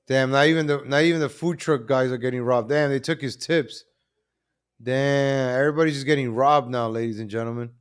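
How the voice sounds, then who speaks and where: A man hosting a live commentary stream, animated and repetitive, calling out to viewers as ladies and gentlemen. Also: medium pitch, brisk, clean tone. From New York.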